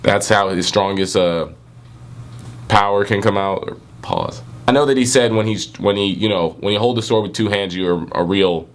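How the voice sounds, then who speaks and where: A man with a raspy voice casually reviewing a manga chapter, rambling with many restarts. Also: lowish voice, normal speed.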